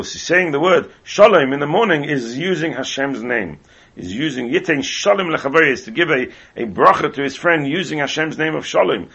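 A man teaching a Talmud class at a brisk clip, often repeating himself as he explains. His voice is gravelly and a little husky. The recording is dull and lo-fi. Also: medium pitch, sharp tone. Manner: rapid, heavily repeats words while explaining.

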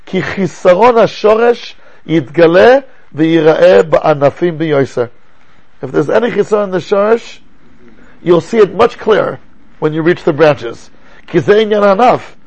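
An older man teaching a class as a rabbi, lecturing in an animated way and asking rhetorical questions. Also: high-pitched, vocal fry, highs cut off.

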